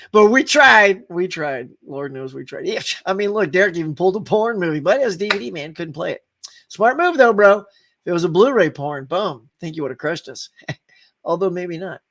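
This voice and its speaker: A man's voice: high-pitched, a bit bright. A man hosting a live stream, chatting casually, laughing often and greeting viewers by name as he reads their comments. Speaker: host of a live stream show.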